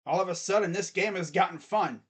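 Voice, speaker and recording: A man giving casual live play-by-play reaction to a baseball game, talking in an excitable, rambling way as a fan. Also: high-pitched, a little fast, husky.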